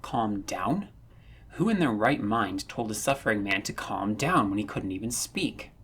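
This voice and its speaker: Dude voicing a hurt angry young soldier, hoarse strained whisper, husky, storybook. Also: male voice, fairly low pitch, expressive, a little slow, fairly bright tone, exaggerated voice. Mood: whispered fury. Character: wounded, furious young male soldier.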